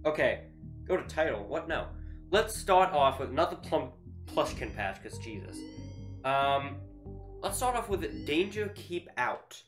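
A man's voice: on the high side, very animated, a little slow, echoey room, faint music behind. A man playing a VR horror game as a YouTuber, jumping between nervous laughter and frightened shrieks. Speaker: gaming YouTuber.

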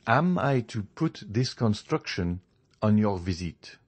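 Guy reading calm sarcastic young journalist, measured and cool, storybook style. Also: lowish voice. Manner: composed, measured, faintly mocking. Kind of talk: audiobook character reading.

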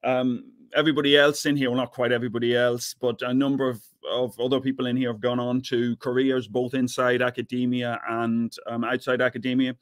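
A man's voice: medium pitch, little pitch movement, a little fast, hardly any pauses, no room sound, studio quality. A middle-aged man with an Irish accent giving an online physics lecture, chatty and often repeating words as he thinks. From Ireland, near the Northern Ireland border. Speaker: physics professor giving an invited talk.

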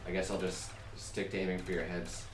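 A young man chatting casually while playing a video game with his wife, bossy and prone to sudden shouts. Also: sits low, level tone, a little fast, roomy sound, distant mic, slight background noise. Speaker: gamer. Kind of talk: casual gameplay chat.

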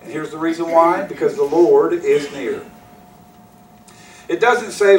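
Preaching man, high voice, echoey sanctuary. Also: measured pace, pauses often, slight background noise. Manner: emphatic repetition, direct questions to congregation. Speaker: pastor. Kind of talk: sermon. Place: church sanctuary. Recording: echoey hall, mic from a distance.

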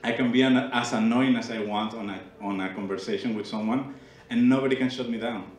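A young man with a Mexican Spanish accent works a small comedy club, his voice landing at a middle pitch. He speaks English as a second language and teases the crowd in a playful tone. The handheld mic picks up a roomy, echoing club sound. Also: fairly even intonation, brisk, slight background noise. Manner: playful, teasing the audience. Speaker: stand-up comedian. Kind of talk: stand-up comedy set. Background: audience laughter.

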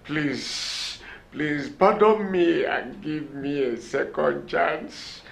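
A Nigerian actor playing a guilty son who begs his father's ghost for pardon, pleading, wailing and shouting in terror. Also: fairly high pitch, drawn-out words, creaky, heavily acted. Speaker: guilty son begging forgiveness. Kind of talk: film drama acting. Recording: echoey room, music behind. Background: film score.

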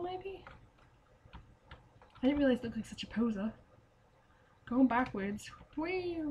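Woman losing her voice doing game commentary, high pitched, kinda slow, faint key clicks behind. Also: very animated, a little mellow, slight background noise. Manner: chatty, swears often, sings and mutters to herself. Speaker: gamer. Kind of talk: casual let's play commentary.

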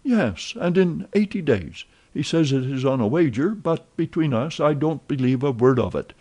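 Man doing a lively young French manservant, raised excitable voice, warm mellow tone, chatty, storybook reading. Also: fairly high pitch, moderate pace, slightly rough, voice pushed up. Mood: excited chatter. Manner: eager, voluble, exclamatory.

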